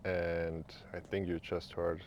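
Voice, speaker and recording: A young man with a German accent leading a guided stretching class in a calm, easygoing way with small joking asides. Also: sits low, slow, dull audio, a little hiss or hum. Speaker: yoga instructor.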